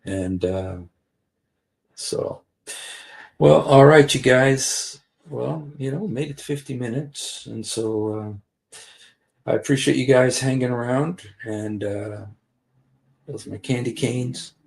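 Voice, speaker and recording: A man's voice: medium pitch, slow pace, vocal fry, pauses often, darkish tone. A man hosting a casual livestream, rambling with many fillers and restarts. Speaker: livestream host.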